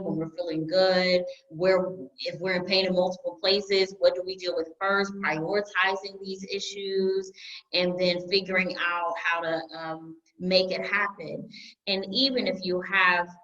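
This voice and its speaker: A woman accountant presenting a webinar to small business owners, lively and acting out clients' voices. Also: lowish voice, lo-fi sound.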